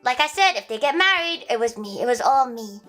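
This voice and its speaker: Young woman, high, animated voice, rambling and profane, faint music behind. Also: fairly quick, low-quality recording. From Australia. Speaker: livestreamer. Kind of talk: casual chat with viewers.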